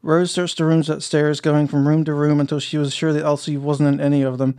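A man narrating an audiobook in a plain, steady reading style. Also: on the high side, brisk, smooth.

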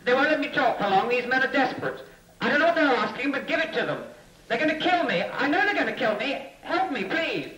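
A man's voice: very high-pitched, very animated, a little fast, pushed and bright, exaggerated voice. An actor playing a terrified man pleading for his life on a tape recording played in court, his voice strained and desperate. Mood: pleading, panicked. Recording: distant echoey tape playback with faint hiss.

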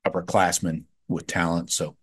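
A man's voice: sits low, level tone, moderate pace, slightly rough. A man hosting a sports podcast, chatting casually with lots of fillers and frank opinions. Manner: offhand, filler-heavy, gives frank opinions.

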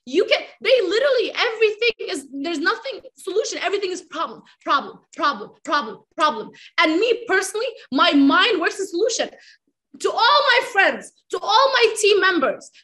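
Young woman, high and bright, animated motivational speaker who acts out quotes. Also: normal speed. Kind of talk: motivational talk.

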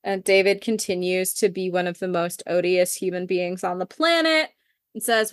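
A woman's voice: lowish voice, normal speed, no room sound. Woman co-host, dry close sound. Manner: blunt, sweary, indignant asides. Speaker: podcast co-host. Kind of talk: casual podcast chat recapping a comic.

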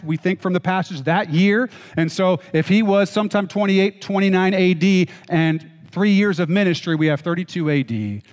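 Male pastor, slightly higher voice, preaching in a chatty, joking way; echoing hall. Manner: conversational, joking asides, checks in with listeners. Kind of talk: sermon. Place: church hall.

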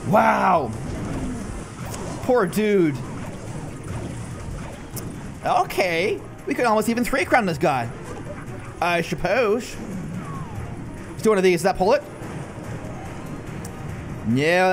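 A man in his thirties giving goofy, self-mocking live commentary over a mobile game, often dropping into silly low voices. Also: animated, slow, pauses often, over music. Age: 30s. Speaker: gaming YouTuber.

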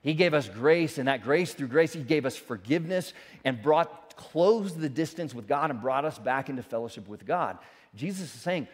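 A man preaching a sermon as pastor, speaking with animated emphasis and joking asides. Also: fairly high pitch, moderate pace. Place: church sanctuary. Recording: church sanctuary with long reverb.

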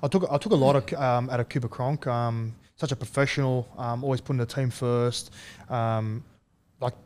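Laid-back man telling stories. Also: medium pitch. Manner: relaxed, halting, chuckles often. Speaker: guest. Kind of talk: casual storytelling.

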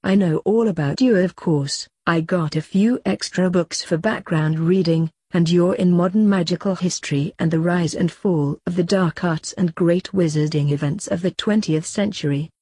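A woman reading the lines of a bossy know-it-all schoolgirl, eager and rushed. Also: on the low side, dark tone, husky, no room sound, studio quality.

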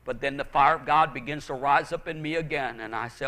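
A man's voice: medium pitch, fairly quick. Older man preaching with fiery force. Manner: impassioned preaching, swinging from shouts to hushed confession. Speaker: pastor. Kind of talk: sermon.

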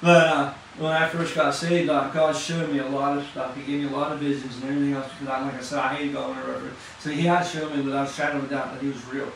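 A man giving an impassioned testimony sermon at church, talking fast and casually with slang. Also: mid-range voice, little pitch movement, slight background noise. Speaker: church class leader. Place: church hall. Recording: very echoey hall, distant mic.

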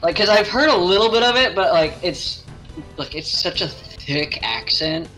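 A man's voice: high-pitched, lively intonation, normal speed, pushed and bright, soft background music, rough recording. A man chatting casually on a call, rambling through his thoughts and laughing often. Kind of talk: casual chat.

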